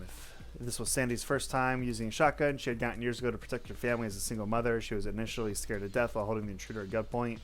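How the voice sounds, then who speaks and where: A man's voice: mid-range voice, fairly even intonation, racing, faint music behind. A man hosting, reading news stories aloud with blunt, offhand asides and some cursing. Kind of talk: casual news read-through with commentary.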